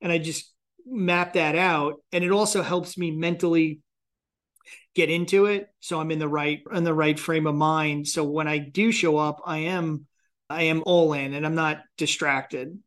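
A man in his thirties hosting a podcast interview, speaking candidly and reflectively and acting out his own thoughts in quick asides. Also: a little high, fairly even intonation, fairly bright tone. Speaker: podcast host and financial advisor. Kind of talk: casual conversational interview.

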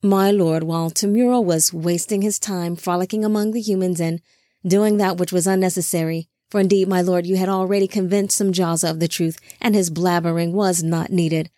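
A woman's voice: on the low side, steady tone, moderate pace, warm tone, no room sound, clean studio sound, close to an everyday voice. A woman reading the part of a sly, boastful male fallen angel.

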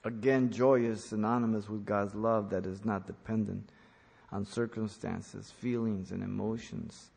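A man's voice: fairly low pitch, steady tone, unhurried, vocal fry, a little mellow, breathy edge, big-room sound. A man preaching an earnest sermon, speaking as a pastor who repeats key points for emphasis.

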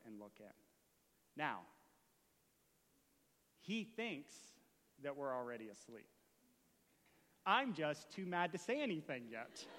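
A man preaching a sermon as a story, moving from hushed retelling to impassioned shouting. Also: medium pitch, in a large hall. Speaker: pastor.

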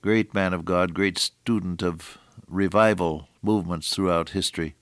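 An older man preaching a sermon, moving between hushed storytelling and raised, emphatic exhortation with slow, deliberate phrasing. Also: sits low, steady tone, no echo, studio quality.

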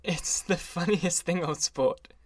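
A man reading an audiobook, voicing an eager, charming wealthy young man who lingers warmly on his words. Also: high voice, big pitch swings, fairly quick, no echo, clean studio sound, voice pushed up.

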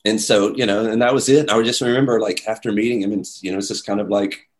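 Animated man telling a story. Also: on the low side, fast, noisy background. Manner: animated, acts out quoted voices, many "like"s. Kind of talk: casual storytelling chat.

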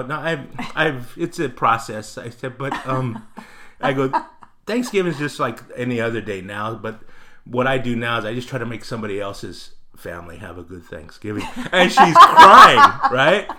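A man, a comedian, telling an animated, profane story in casual chat and acting out the people in it. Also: mid-range voice, normal speed. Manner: animated, profane, acts out voices in anecdotes.

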